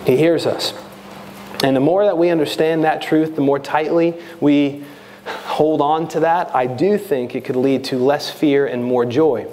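A man's voice: on the high side, steady tone, unhurried, mellow, a little hiss or hum. A man with a New York accent preaching a sermon as a pastor, earnest and rising to impassioned, prayerful pleading.

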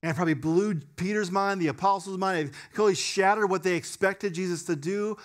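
A young male pastor preaches in a relaxed, conversational way, full of casual fillers. His voice sits fairly high and swings between excited bursts and quiet emphasis. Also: fairly quick. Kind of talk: sermon.

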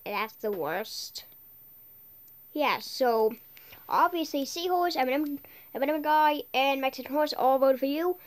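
A woman's voice: sits high, a little slow. A woman voicing squabbling contestants in an amateur cartoon, with a petulant, bickering delivery.

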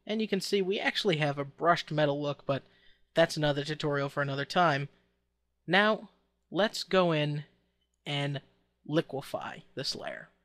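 Man walking through a software tutorial. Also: on the high side, dry recording. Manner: relaxed step-by-step instruction with occasional fillers. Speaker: tutorial host. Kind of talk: screen-recorded software tutorial.

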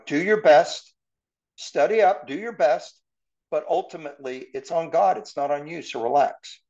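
A man's voice: a little high, darkish tone. Man teaching a class from a dull recording. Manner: conversational, with rhetorical questions to the class. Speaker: Bible teacher. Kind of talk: verse-by-verse Bible teaching.

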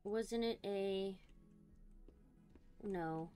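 A young woman talks her way through a creepy game with a voice of ordinary pitch. She sounds jumpy and rattled, muttering to herself and swearing as she plays. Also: animated, unhurried, long pauses, warm tone, soft background music. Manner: jittery, swearing, talking to herself while scared. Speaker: streamer. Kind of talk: let's play commentary.

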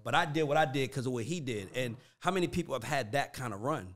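A man's voice: mid-range voice, fast. A man hosting a casual chat, talking in a loose, profane and slangy way with lots of "like" and "dog". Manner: animated, profane, slangy storytelling with frequent "like" and "dog". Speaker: podcast host and manager of writers and producers.

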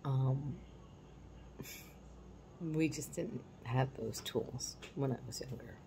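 A woman in her forties shares a family story in a loose, candid way, now and then sinking to a soft hush. Her voice sits very low and sounds dark and mellow, with a faint hiss underneath. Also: slow, creaky, rough recording. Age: 40s. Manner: candid, reflective, drops to a soft hush at times. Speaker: parenting vlogger. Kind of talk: casual personal storytelling.

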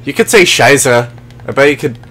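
Brisk and expressive, a medium-pitched, slightly bright male voice delivers live gameplay commentary. He swears, throws sarcastic jabs at enemies and chats with his viewers.

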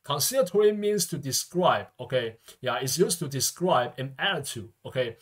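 A man teaches English vocabulary, his being Mandarin. His voice sits at a middle pitch but swings up and down a lot as he explains. He keeps tagging phrases with "okay" and "yeah". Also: lively intonation, normal speed, husky. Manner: peppers speech with constant "okay" and "yeah" tags. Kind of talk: vocabulary lesson lecture.

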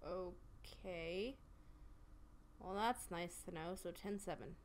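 A woman commenting on her gameplay, profane and excitable, with loud exclamatory reactions. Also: on the low side, slow, a little hiss or hum. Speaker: let's play gamer.

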